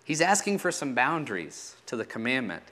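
A man's voice: medium pitch, big pitch swings, a little fast, bright, forceful tone. A man preaching a sermon in a teaching manner, asking rhetorical questions and letting his voice drop at the ends of phrases.

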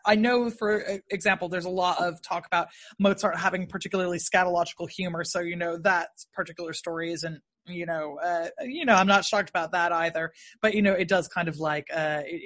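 A man's voice: high voice, bright, forceful tone. A man co-hosting a podcast, chatting casually and hesitantly with lots of fillers. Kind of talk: casual chat.

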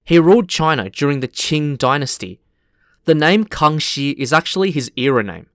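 Man, history podcast host, friendly and clear, smooth and dry sound. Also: fairly high pitch, expressive, normal speed, no room sound. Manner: friendly, spells out names.

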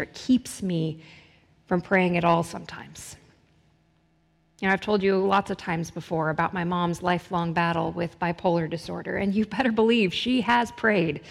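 Woman pastor preaching earnestly, mid-pitched, recorded with long reverb in a large hall. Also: vocal fry. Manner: earnest, builds intensity with repeated phrases. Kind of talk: sermon.

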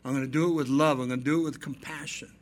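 A man in his fifties preaching a sermon as pastor, telling family stories, dropping into quiet asides and rising into emphatic points. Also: fairly high pitch, fairly even intonation, rapid-fire. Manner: storytelling preacher, swings between soft asides and emphatic raised points.

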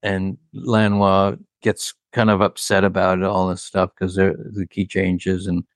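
Speaking in a low, monotone voice and taking his time, a man who works as a record producer rambles through studio stories, peppering them with "like" and "you know" and laughing at his own tales. There's no echo on the recording.

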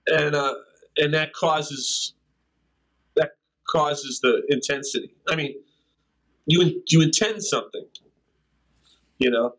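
A man's voice: fairly high pitch, slow pace, pauses often, fairly bright tone, rough recording. An older man, a drummer and interview guest, telling rambling anecdotes in casual conversation and scatting rhythms. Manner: rambling anecdotes with scat-sung drum rhythms and laughs. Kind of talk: casual storytelling.

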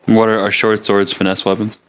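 A man's voice: fairly low pitch, flat delivery, brisk, over a noisy crowd. A man playing a tabletop game who checks the rules carefully and asks many questions. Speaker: player.

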